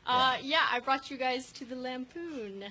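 Bright-voiced young woman comedian. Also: high-pitched, poor audio. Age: 20s. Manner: halting, filler-heavy, giggly delivery. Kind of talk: stand-up set and interview. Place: comedy club stage. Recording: faint room noise in a comedy club.

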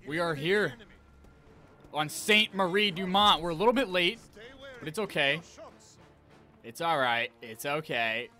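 A young man giving excitable live commentary on an online shooter match, talking to his viewers and trash-talking as he plays. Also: a little high, a little slow, pauses often, soft background music. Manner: excitable, talks to viewers, trash-talks while playing. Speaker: gaming channel host.

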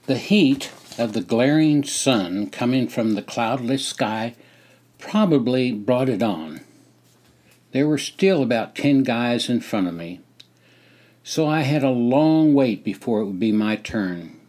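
An older man in his seventies reads his memoir aloud in a measured, unhurried voice with a dry, wry edge. His pitch sits in an ordinary middle range and the telling stays calm and deliberate. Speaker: storyteller. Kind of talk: memoir narration.

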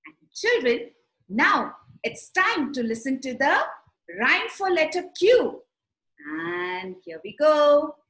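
A woman teaching young children, telling a story and guiding letter writing in a slow, sing-song, animated way. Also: sits high. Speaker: preschool teacher. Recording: echoey room.

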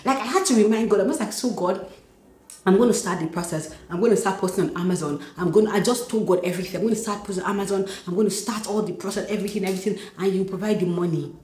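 A young Nigerian woman vlogging from home, telling stories excitedly and acting out dialogue. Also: medium pitch, very fast. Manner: excited, animated storytelling, acts out dialogue. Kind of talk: casual vlog talk. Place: home, indoors. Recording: echoey room.

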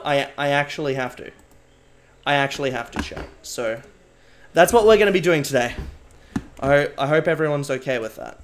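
A young man live-streaming, talking to his chat in a rambling, mock-serious way and swearing often. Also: mid-range voice.

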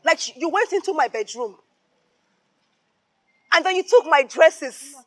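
A Nigerian actress playing a haughty, wealthy young woman who shouts, stammers in rage and barks orders. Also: very high-pitched, expressive, a little slow. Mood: indignant. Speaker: actress in a film.

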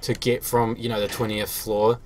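A man's voice: fairly low pitch, level tone, normal speed, darkish tone. A man talking casually to viewers as he plays a shooter game, chatty and self-mocking, with the odd swear. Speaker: game player. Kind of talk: solo gameplay commentary.

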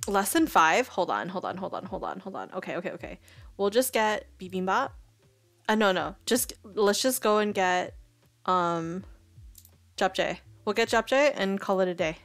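A woman's voice: mid-range voice, expressive, normal speed, fairly bright tone, no room sound, faint music behind. Rambling woman streamer, dry close mic. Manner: rambling, indecisive, thinking aloud. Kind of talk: casual live-stream chat.

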